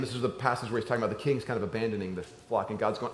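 A middle-aged man preaching a sermon, telling a story and swinging between loud excited shouts and soft hushed tones. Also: medium pitch, racing, hardly any pauses. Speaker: pastor. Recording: echoey room with faint ambience.

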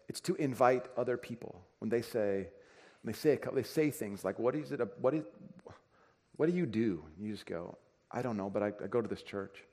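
A pastor preaching a conversational sermon, acting out everyday dialogue. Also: male voice, mid-range voice, expressive, brisk, dark tone. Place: church sanctuary. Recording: reverberant church hall.

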